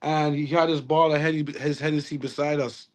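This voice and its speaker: A man's voice: a little high, level tone, fairly quick. A man, a reggae artist talking casually in an interview, rambling with restarts and slang.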